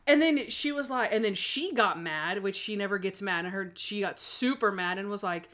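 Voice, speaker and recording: A young adult woman telling a story in casual chat, animated and full of fillers, acting out what people said. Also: medium pitch, moderate pace. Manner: animated, lots of fillers and acted-out quotes.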